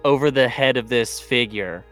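A man's voice: mid-range voice, normal speed, over loud music. Man narrating a tabletop game. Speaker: game master.

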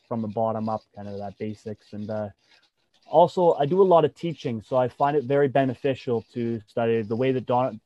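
A man's voice: medium pitch, dark tone, no room sound. A man who competes in and teaches jiu-jitsu, talking in a casual interview with many fillers and restarts. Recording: dull, dry sound.

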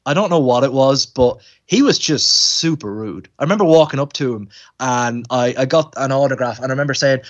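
A man's voice: medium pitch, fairly quick, few pauses. A man telling a casual anecdote on a podcast, acting out quoted voices with stammers. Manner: animated storyteller, acts out quoted voices, stammers. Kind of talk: casual storytelling chat. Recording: dull lo-fi sound.

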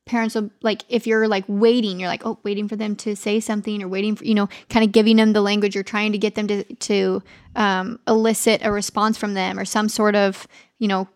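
A woman's voice: medium pitch, flat delivery, brisk, dry recording, clean studio sound. A woman speech therapist co-hosting a podcast, talking in a casual, thoughtful and supportive way. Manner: supportive, thoughtful, offers advice. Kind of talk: casual chat.

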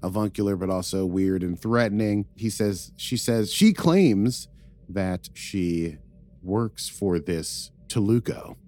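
Deep-voiced man in wry casual chat. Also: animated, slow pace, a little mellow, soft background music. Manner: chatty, wry, laughs at his own asides. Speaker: podcast co-host recapping episodes.

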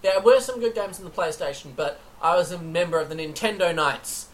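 A woman's voice: lowish voice, fairly quick. A woman in casual chat about video games, brash and teasing, swearing freely.

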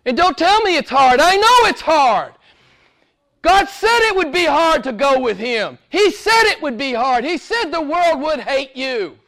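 High-voiced emphatic male preacher. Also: sing-song, measured pace. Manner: emphatic, repetitive, swinging from low and quiet to high and loud. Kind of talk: sermon.

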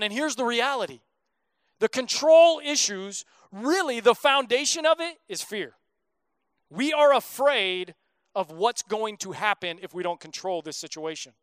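A man in his thirties delivers a sermon with a strikingly high, smooth voice. He keeps it casual and conversational and slips in jokes as he preaches. The sound is close and dry, with no room echo. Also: a bit bright. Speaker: pastor.

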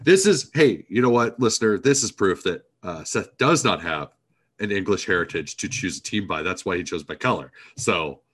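Teasing low-voiced male podcast host. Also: expressive, normal speed, a bit bright, slightly rough. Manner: rambling, teasing, many fillers. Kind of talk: casual chat.

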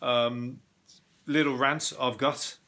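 A man's voice: medium pitch, fairly even intonation, slow pace, sharp tone. A man with a Birmingham accent hosting a solo podcast, ranting about the news, swearing freely and often restarting his sentences. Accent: Birmingham (Brummie). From England. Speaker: podcast host.

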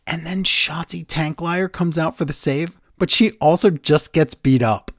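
A man's voice: fairly high pitch, unhurried, no echo, studio quality. A man co-hosting a casual podcast chat, recapping wrestling and acting out the quotes in different voices. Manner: animated, acts out quotes with voice changes.

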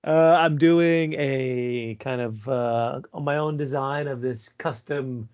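A man's voice: medium pitch, slow pace, a little mellow, dry recording, muffled recording. A man co-hosting a podcast who works as a pediatric ER doctor, joking crudely and rambling. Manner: crude jokes, rambling with fillers. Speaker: pediatric emergency physician and podcast co-host. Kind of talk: casual banter.

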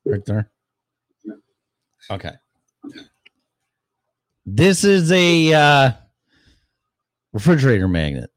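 A man's voice: medium pitch, big pitch swings, takes it slowly, long pauses, no echo. A man hosting a casual call-in chat, laid-back and telling a story with easy swearing. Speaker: show host.

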